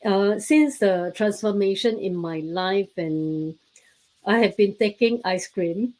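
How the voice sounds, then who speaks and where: A woman's voice: medium pitch, takes it slowly, darkish tone. A woman hosting a casual interview, speaking hesitantly with many fillers. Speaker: host.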